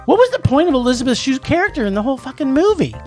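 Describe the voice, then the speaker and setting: An animated man ranting through a casual podcast film review, his pitch swinging widely as he jumps from thought to thought. Faint music sits under the talk. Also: very fast. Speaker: podcast co-host. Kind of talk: casual movie review chat.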